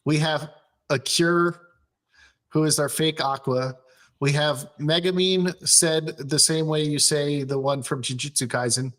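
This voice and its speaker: Hosting a casual chat show, a man recaps an anime episode with plenty of laughter and swearing, acting out characters' lines in a raised voice. His voice is a little high and fairly bright, with a steady tone and a measured pace.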